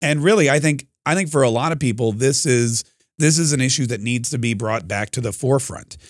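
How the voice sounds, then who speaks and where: An opinionated male talk radio host argues in quick, combative bursts, restarting his sentences often. His voice sits in a middle pitch and sounds dry and close, with no room around it. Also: dry recording.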